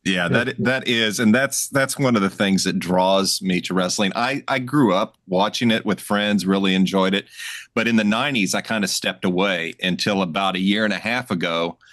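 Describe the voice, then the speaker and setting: Podcast host, man, low voice, relaxed and easy laughing, dry close mic. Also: moderate pace, no room sound. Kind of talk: casual podcast chat.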